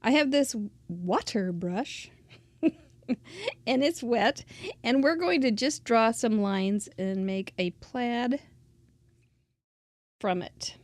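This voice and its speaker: Casual crafting teacher lady, kinda high, chatty and giggly, dry room. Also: expressive, very slow, long pauses, no echo. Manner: chatty, digressive, laughs often. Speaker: crafting instructor.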